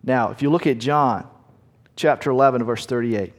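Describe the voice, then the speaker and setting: A man preaching a sermon, slowing down to stress key words and dropping to a hush at the ends of lines, in a church sanctuary. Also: mid-range voice. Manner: slows down to stress key words, drops to quiet at line ends. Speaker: pastor. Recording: long hall reverb.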